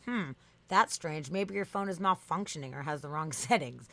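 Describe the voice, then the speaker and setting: A woman's voice: sits low, moderate pace, vocal fry, fairly bright tone. A woman reading aloud as a stubborn, defensive chatbot that lectures in insistent, repetitive lists. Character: stubborn defensive chatbot, machine, self-righteous.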